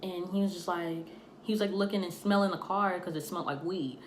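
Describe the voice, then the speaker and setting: A young woman telling a storytime tale in a casual, animated way, acting out the voices of the people in it. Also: on the low side, a little fast. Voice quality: animated, acts out quoted voices. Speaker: storytime vlogger. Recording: echoey room, faint noise.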